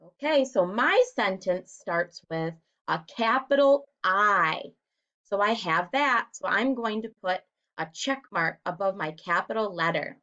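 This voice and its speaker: A woman teacher walking young children through a writing lesson in a slow, deliberate, encouraging way. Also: mid-range voice, animated, pushed and bright. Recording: dull, lo-fi home recording.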